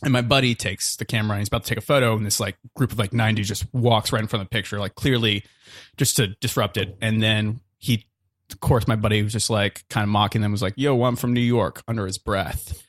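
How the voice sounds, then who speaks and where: Young man, fast talker, rambling true story, lots of fillers, dry close mic, comedy podcast. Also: lowish voice, steady tone, dry recording. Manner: rambling, lots of "like" and "uh" fillers, laughs while telling. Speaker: improv performer telling a true story.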